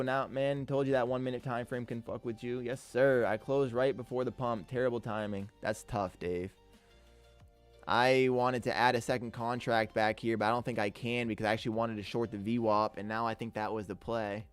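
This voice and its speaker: A young man live-streaming his day trading, excitable and swearing often as he talks to his chat. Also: medium pitch, normal speed, smooth. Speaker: livestreaming day trader. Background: faint music.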